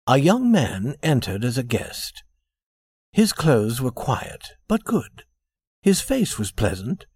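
A man narrating a story in a measured, expressive scripted reading. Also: medium pitch, no echo.

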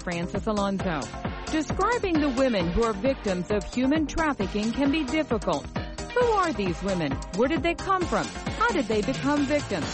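A woman hosting a radio program, reading a scripted introduction in a measured, clear way before interviewing a guest. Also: on the high side.

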